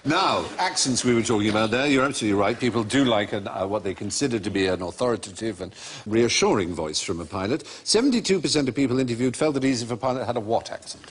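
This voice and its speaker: Brief: male panel show host, animated, expressive pitch, faint background hiss. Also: fast talker, hardly any pauses.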